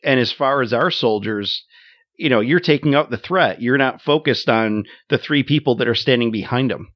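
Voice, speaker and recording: A man speaks in a relaxed, reflective way, circling back with fillers and restarts. The recording is dry and a little muffled, with no sense of a room. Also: mid-range voice, moderate pace, dry recording. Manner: thoughtful, many fillers and restarts. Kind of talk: casual conversation about a war film. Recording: slightly dull, dry sound.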